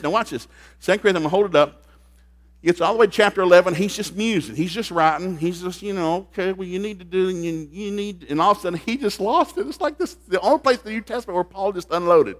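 A man preaching a sermon in a folksy, joking way, dropping into low asides and then rising into loud outbursts. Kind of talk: comedic sermon. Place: church service.

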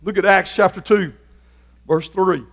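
A man preaching a sermon as a pastor, building from quiet, reflective talk to loud, fervent shouting. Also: high voice, steady tone, measured pace, long reverb tail. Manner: preaching with rising fervor, shouting at peaks.

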